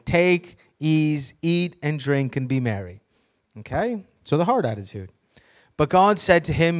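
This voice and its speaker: A man's voice: on the high side, very animated, measured pace. A man preaching a sermon to a congregation, reading scripture with emphasis and teaching by asking the audience questions, with joking asides. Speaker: pastor.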